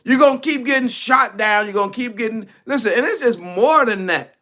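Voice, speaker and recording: A man's voice: extremely high pitch, expressive, fairly quick, bright, forceful tone. A male preacher giving a fiery, colloquial online sermon, reading scripture and preaching it.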